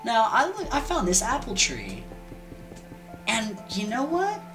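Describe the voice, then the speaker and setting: A woman voicing a scheming male trickster god who talks fast and wheedles in casual slang. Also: a little high, wildly swooping pitch, music in the background, voice pushed up. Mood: coaxing.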